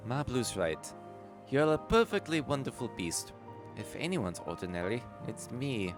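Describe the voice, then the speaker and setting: A man reading the lines of an earnest young woman warrior in his own lowish voice, with little attempt at a feminine range. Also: very animated, a little slow, over music.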